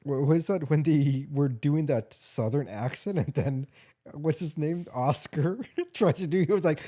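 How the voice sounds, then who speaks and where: A man co-hosting a podcast in casual chat, stammering and quick to agree. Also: on the high side, mellow. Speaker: podcast co-host.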